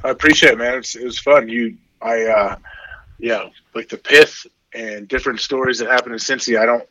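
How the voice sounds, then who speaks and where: A man in his forties chatting casually as an interview guest, rambling with many fillers and getting animated when he quotes his kids. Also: mid-range voice, fairly quick, lo-fi sound. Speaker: podcast guest, former football player.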